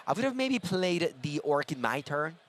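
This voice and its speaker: A man's voice: fairly high pitch, sing-song, normal speed, fairly bright tone. Male commentator with faint hall noise. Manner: chatty, frequent fillers and restarts. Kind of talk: live tournament commentary. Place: event hall.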